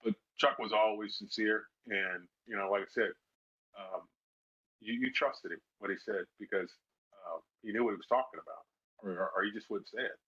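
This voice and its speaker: A middle-aged man, a former football player, telling lively stories in a casual interview and acting out the people he quotes. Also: fairly low pitch, normal speed, slightly rough. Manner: animated storyteller who acts out quoted voices. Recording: slightly dull lo-fi sound.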